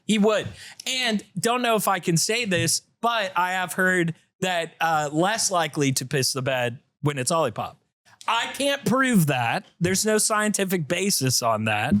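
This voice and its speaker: A man co-hosting a podcast, reading a listener's story aloud with animated comic delivery in a studio. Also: high-pitched, measured pace, dry recording. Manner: animated storytelling, breaks into laughter. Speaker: podcast co-host.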